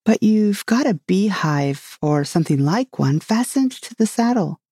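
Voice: medium pitch, expressive, unhurried, dark tone, husky, dry recording, studio quality, voice pushed up. A storybook reader voicing a polite, curious young girl who asks earnest questions in a raised voice.

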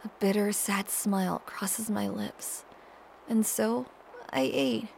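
Woman narrator for a first-person audio role-play: hushed, tearful, trembling delivery with a gravelly fry. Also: mid-range voice, animated, takes it slowly, slight background noise. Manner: soft-spoken and hushed, with a shaky, tearful edge. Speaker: storyteller.

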